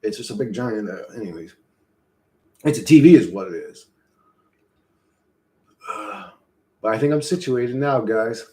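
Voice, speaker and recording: A man's voice: medium pitch, darkish tone. Rambling, profane male streamer. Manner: rambling, profane, laughs often. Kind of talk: casual live-stream chat. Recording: echoey room.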